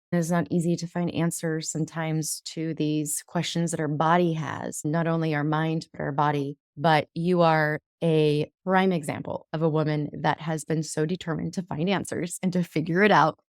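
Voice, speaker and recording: Woman, podcast host, effusive, heartfelt, slightly low voice, dry close sound. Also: no room sound. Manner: effusive, repeats "amazing", gets choked up. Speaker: podcast host, divorce coach. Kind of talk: emotional podcast interview.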